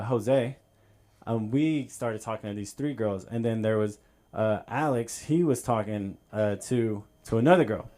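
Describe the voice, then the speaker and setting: A man's voice: on the low side, warm tone. A man doing a stand-up set on a club stage, telling a story in a loose, rambling way with plenty of fillers. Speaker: stand-up comedian.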